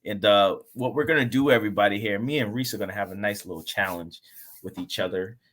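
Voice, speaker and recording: A man's voice: lowish voice, quick pace, fairly bright tone. A young man hosting a casual sports chat, laid-back, laughing often and tossing in "man" at the end of sentences. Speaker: podcast host.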